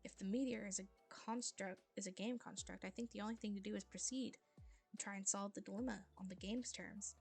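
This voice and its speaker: A woman voicing a wry, erudite teenage girl, speaking in a measured, dryly formal way. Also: medium pitch, fairly even intonation, gravelly, darkish tone, breathy edge, faint music behind.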